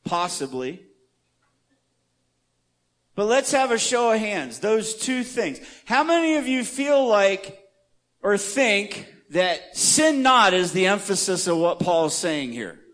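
A man's voice: sits high, expressive, slow, a bit bright, no echo. A man teaching an interactive church Bible study, asking the group questions in a conversational, emphatic way.

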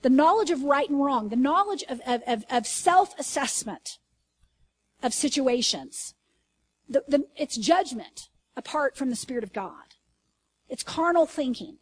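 A Bible teacher with a high voice delivers a sermon in an earnest, conversational style. She asks her listeners questions and reads scripture slowly, with emphasis.

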